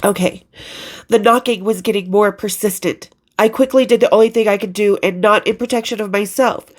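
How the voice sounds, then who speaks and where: A middle-aged woman reading her own memoir aloud, candid and expressive, with casual asides and blunt swearing. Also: medium pitch, a little fast.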